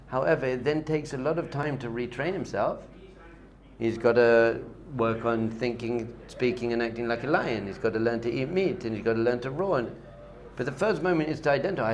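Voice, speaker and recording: A man's voice: medium pitch, fairly quick, slight background noise. A man, a rabbi, giving a spiritual lesson with a story, talking animatedly and repeating key points for emphasis.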